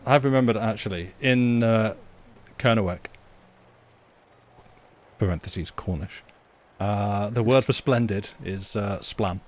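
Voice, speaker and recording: Joking, halting man chatting casually. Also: lowish voice. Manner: joking, halting with repeated starts. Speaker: podcast co-host. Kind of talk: casual chat.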